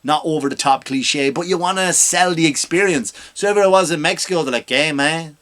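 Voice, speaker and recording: A man's voice: a little high, a little fast, fairly bright tone. A man hosting a comedy podcast, ranting in a rambling, self-mocking way.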